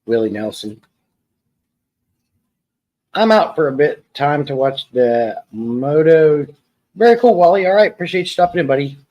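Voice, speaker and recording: A man's voice: a little high, animated, normal speed, pauses often, muffled recording. Rambling, jokey man hosting a live stream. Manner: rambling and jokey, answering chat and people at home. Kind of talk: casual live-stream chat. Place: home.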